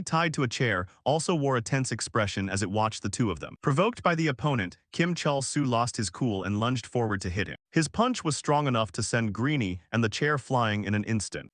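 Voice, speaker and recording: A man narrating a recap story in a brisk, dramatic scripted style. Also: mid-range voice, a bit bright, dry recording, studio quality.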